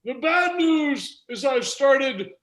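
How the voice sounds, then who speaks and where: Guy doing a creaky slow 102 yr old man voice, high and drawn out, kinda vampire-ish, echoey room. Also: lively intonation, a bit bright, heavily acted. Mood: hammy.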